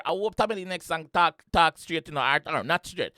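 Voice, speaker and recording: A Jamaican man hosting a reaction video, giving excited commentary and loudly mimicking the lines he reacts to. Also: high-pitched, a little fast, no room sound, clean studio sound.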